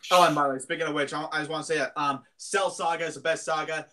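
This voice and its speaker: A man's voice: a little high, fairly even intonation, quick pace, bright, forceful tone. A man co-hosting a casual podcast, rambling along with frequent ums and uhs. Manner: rambling, hesitant with many ums. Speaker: podcast co-host. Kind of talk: casual chat.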